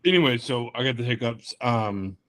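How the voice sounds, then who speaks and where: Man, thirties, podcast host, bright voice, rambling casual talk, mid pitch. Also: lively intonation, moderate pace. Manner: rambling, casual, with loose swearing. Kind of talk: casual chat over beers.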